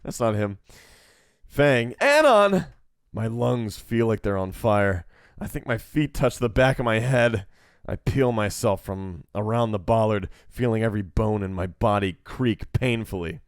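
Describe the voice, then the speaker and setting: Against guitar music, a profane, sarcastic streamer reads lines from a visual novel and comments casually to his chat. He speaks a little slowly in a smooth, lowish voice, captured with clean studio sound and no echo.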